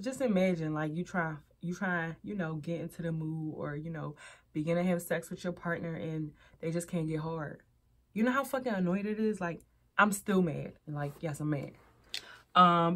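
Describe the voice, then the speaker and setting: A young woman reviewing adult toys on her vlog chats casually to the camera, speaking frankly and greeting viewers as y'all. The voice is fairly low in pitch with a slightly bright quality.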